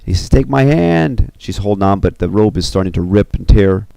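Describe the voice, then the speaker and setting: A man casually pitching a film story scene by scene, loose and rambling with many fillers. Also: level tone, a little fast, warm tone, no room sound. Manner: loose and rambling, full of 'you know' and 'kinda'.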